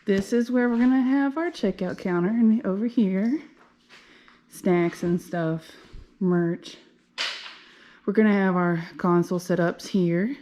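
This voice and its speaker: A woman's voice: medium pitch, a little slow, long pauses, dark tone. A woman giving a casual, upbeat walking tour of an empty commercial unit, thinking aloud as she goes. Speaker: vlogger and game lounge owner.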